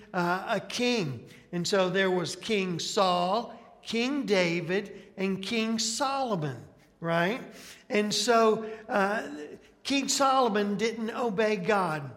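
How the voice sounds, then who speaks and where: A man's voice: high-pitched, fairly bright tone, big-room sound. A man with a Southern Alabama accent, teaching a Bible lesson as a sermon in a folksy way, often checking in with his listeners.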